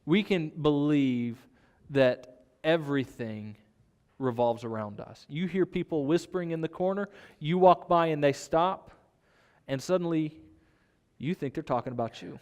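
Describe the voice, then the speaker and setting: A man's voice: on the high side, lively intonation, unhurried, a little mellow, long reverb tail. A man preaching a sermon in a conversational way, asking his listeners rhetorical questions. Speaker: pastor.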